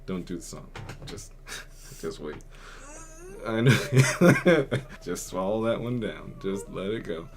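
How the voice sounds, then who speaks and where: A man's voice: deep voice, expressive, takes it slowly, gravelly. A young man hosting a podcast, telling a personal story in a rambling, subdued way, full of filler words. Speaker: podcast host. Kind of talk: casual storytelling.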